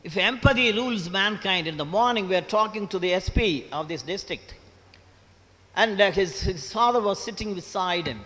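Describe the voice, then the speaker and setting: A man's voice: high voice, animated, normal speed, pushed and bright. A man in his seventies with a Tamil Indian English accent gives a motivational lecture to college students. He asks the audience questions, repeats key points and stresses each syllable. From Tamil Nadu, India. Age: 70s. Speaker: guest lecturer, former English professor. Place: college auditorium. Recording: long hall reverb.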